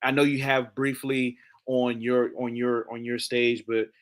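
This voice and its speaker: A man's voice: mid-range voice, little pitch movement, unhurried. A man hosting a casual interview, enthusiastic and prone to repeating his phrases as he asks questions. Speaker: host. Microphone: video call.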